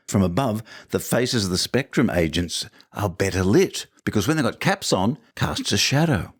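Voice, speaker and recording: Jokey man, lively pitch. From Australia. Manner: jokey, wry asides. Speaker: listener contributor. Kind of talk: comedic episode review.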